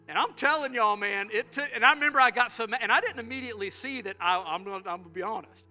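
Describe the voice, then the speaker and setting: A middle-aged man preaches with a high, very bright and forceful voice. He tells stories with humor and acts out the quotes, and soft music plays behind him. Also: quick pace, hardly any pauses. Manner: animated, humorous storytelling with acted-out quotes. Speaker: pastor. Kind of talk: sermon.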